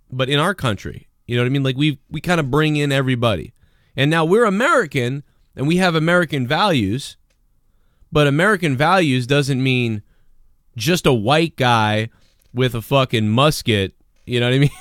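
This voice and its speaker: A man riffs loosely on a video as host, swearing often and rambling. His pitch swings widely from phrase to phrase, and the sound is dry and close. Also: no echo. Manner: rambling, swears a lot, mocking shouted impressions. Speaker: show host reacting to a video. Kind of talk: casual profane commentary.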